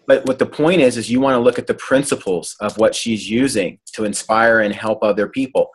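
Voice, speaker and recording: A man's voice: fairly low pitch, brisk, breathy edge. Earnest man coaching on a video call. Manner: earnest, animated when imitating excitement. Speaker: health coach leading a group call. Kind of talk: motivational coaching talk.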